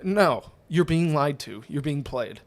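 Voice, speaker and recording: A man's voice: fairly high pitch, animated, unhurried. A man co-hosting a casual podcast chat, talking freely and breaking into quoted movie lines. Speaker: podcast co-host.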